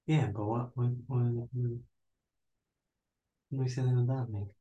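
A man in a casual study class, asking short, soft questions. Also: medium pitch, steady tone, moderate pace, muffled recording. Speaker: student in the class. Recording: echoey room.

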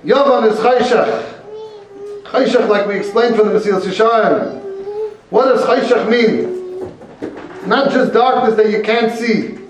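A man's voice: very high voice, a little slow, long pauses, a little hiss or hum. A man teaching a Torah class, telling a story in a conversational way, peppered with Hebrew and Yiddish terms. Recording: very echoey room, mic far off.

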